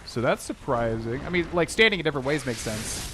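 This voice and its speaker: A man's voice: mid-range voice, lively intonation, a little fast. Male game streamer, mid-range voice, casual and rambly, with light background noise. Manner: chatty, rambling, lots of "like" and "um".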